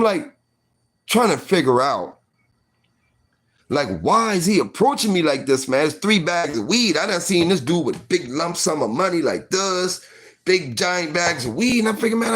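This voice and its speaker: A man in his forties telling a personal story casually, full of fillers like "you know what I mean". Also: a little high.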